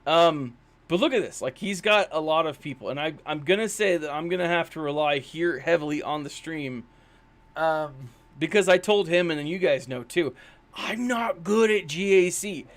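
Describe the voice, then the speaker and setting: A man live-streaming a mobile game, chatting loosely to his viewers. He rambles and often makes fun of himself, with plenty of ums and uhs. His voice sits a little higher than most men's. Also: moderate pace, fairly bright tone. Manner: chatty, rambling, with many fillers; self-deprecating. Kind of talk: casual live-stream commentary.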